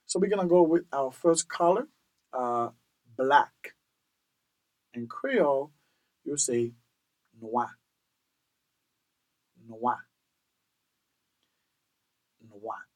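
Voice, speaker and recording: A man hosts a casual language-lesson podcast at an unhurried pace. His pitch moves around a lot as he says each word several times. He keeps asking "all right?" to check in with the listener. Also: lively intonation, a little mellow, low-quality recording. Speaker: podcast host teaching language.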